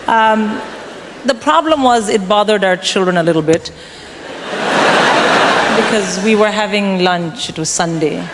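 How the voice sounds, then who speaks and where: A woman in her forties performing a stand-up comedy set, delivering wry, deadpan punchlines to a crowd. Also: mid-range voice, measured pace, long pauses. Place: comedy club stage. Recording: live room with long reverb and background noise.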